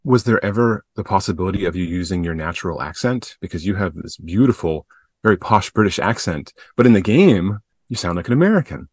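A man's voice: deep voice, animated, brisk, husky, dry recording, studio quality. A middle-aged man co-hosting a podcast, asking friendly, joking questions. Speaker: podcast co-host. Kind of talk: casual interview chat.

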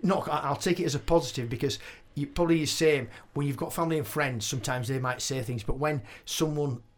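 A man's voice: a little high, quick pace, slight background noise. A man hosting a casual interview, rambling with many restarts and laughs. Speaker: podcast host.

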